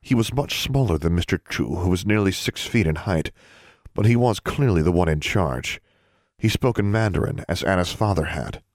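Steady and measured, a man narrates an audiobook in a storytelling manner. The recording is dry and studio quality, and his pitch is low.

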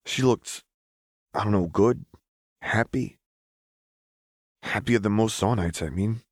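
A man's voice: on the low side, takes it slowly, breathy edge, no room sound, studio quality. A man voicing a teasing undercity youth. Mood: earnest. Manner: casual, joking. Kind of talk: audiobook reading of fan fiction.

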